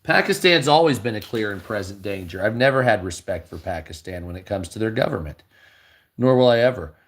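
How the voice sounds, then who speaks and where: A man's voice: on the low side, animated, a little fast. A tired man giving blunt, heavily profane reaction commentary while reading news headlines aloud. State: tired, low energy.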